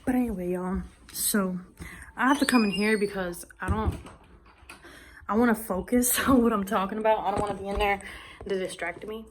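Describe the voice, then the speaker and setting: A woman's voice: mid-range voice, steady tone, moderate pace, a little hiss or hum. Chatty woman vlogger in an echoey room. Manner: chatty, addresses viewers as y'all, many fillers. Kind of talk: casual storytelling to camera. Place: small room at home.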